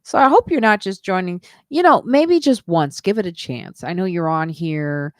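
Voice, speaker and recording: A woman's voice: lowish voice, lively intonation, moderate pace, no echo, studio quality. A woman hosting her own podcast live stream, rambling through asides and emphatic comments in casual chat.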